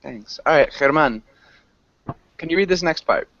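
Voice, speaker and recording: A man's voice: a little high, expressive, moderate pace, fairly bright tone, no room sound, lo-fi sound. Patient male English teacher, dry sound. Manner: patient, corrects pronunciation, frequent ums. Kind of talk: online class.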